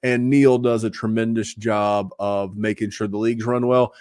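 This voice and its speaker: A man's voice: lowish voice, steady tone, normal speed, darkish tone, clean tone, no echo, studio quality. A man hosting a fantasy football podcast in casual chat, rambling with fillers and restarts. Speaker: podcast host.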